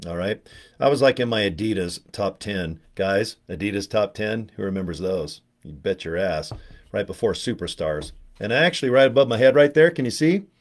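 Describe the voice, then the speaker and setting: A middle-aged man with a fairly low voice tells a long, digressive story from his youth. His humor is crude, and he keeps acting out the people he quotes. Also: expressive, normal speed. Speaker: vlogger telling a personal story. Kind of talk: rambling comic storytelling.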